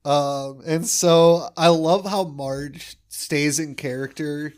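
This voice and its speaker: A man's voice: on the high side, slow pace. A man co-hosting a podcast in casual chat, acting out quoted lines as he recaps a cartoon episode. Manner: animated, acts out quoted lines. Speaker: podcast co-host.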